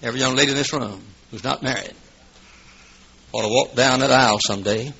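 A man preaching a fiery revival sermon in a church, swinging from shouts to hushed asides and coughing now and then. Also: medium pitch, a little fast, creaky, slightly rough. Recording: dull lo-fi old recording.

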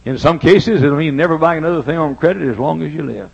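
An older man preaching a sermon in church, telling personal stories and swinging between loud emphasis and hushed asides. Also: on the high side, fast talker, creaky, husky, dull audio. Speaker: pastor. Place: church sanctuary.

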